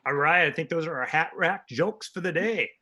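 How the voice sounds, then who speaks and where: A man's voice: fairly high pitch, normal speed, sharp tone. A man hosting an improv comedy show from home over a video call, explaining game rules upbeat.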